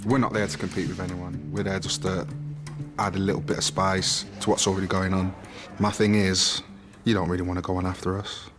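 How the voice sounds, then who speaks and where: Bloke, very low voice, relaxed bragging interview, music underneath. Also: male voice, brisk. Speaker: pop band member.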